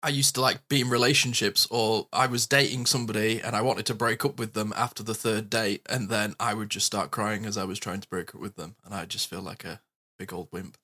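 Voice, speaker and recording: A man chatting on a podcast with a bright, forceful tone, telling candid personal stories. He laughs easily and speaks with animation. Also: lowish voice, fairly even intonation, brisk. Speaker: podcast co-host. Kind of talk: casual podcast chat.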